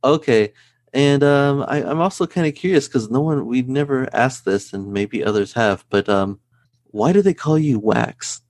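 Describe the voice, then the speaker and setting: A man co-hosting a casual podcast, talking in a jokey, energetic way. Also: mid-range voice, moderate pace, no echo. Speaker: podcast co-host.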